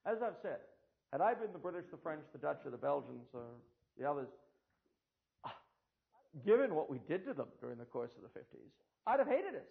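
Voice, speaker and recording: A man's voice: on the high side, sing-song, brisk, gravelly, long pauses. An older American man giving a history lecture to an audience, with sardonic, dry asides. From United States. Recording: tinny phone-like lo-fi recording.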